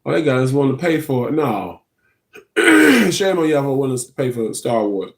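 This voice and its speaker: A man's voice: huge pitch swings, normal speed. A man chatting casually to his viewers on a livestream, addressing them as y'all. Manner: chatty, talks to viewers as y'all, drops into high sing-song bits. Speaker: livestream host.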